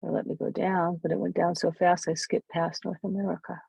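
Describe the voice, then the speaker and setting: Workshop presenter, casual walkthrough, mid pitch with some vocal fry, self-correcting as they demo. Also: level tone, a little fast, a little mellow, no room sound, dull audio. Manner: thinks aloud, self-correcting while demonstrating. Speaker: camera club workshop presenter.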